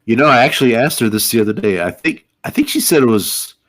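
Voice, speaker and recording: A man's voice: medium pitch, animated, fast talker, fairly bright tone. A man co-hosting a casual podcast chat, easygoing and hesitant, with many fillers. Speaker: podcast co-host.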